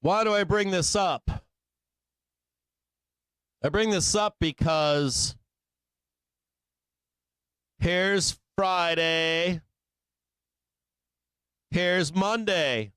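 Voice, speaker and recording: A man's voice: high-pitched, drawn-out words, long pauses, fairly bright tone, smooth, dry recording. A man hosting a live trading show, talking casually through chart analysis and tossing out rhetorical tag questions. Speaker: host.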